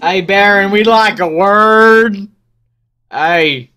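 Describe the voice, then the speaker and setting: Man putting on a brash sparrow sidekick, put-on Southern accent, high and loud, drawn out, faint game music. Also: slow.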